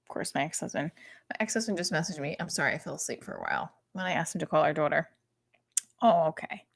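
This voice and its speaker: Low-voiced woman doing rambling stand-up. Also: fast, gravelly, husky. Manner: rambling, profane, many "like" fillers; often hushed, talking quietly. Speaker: stand-up comedian. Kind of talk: casual stand-up on a livestream.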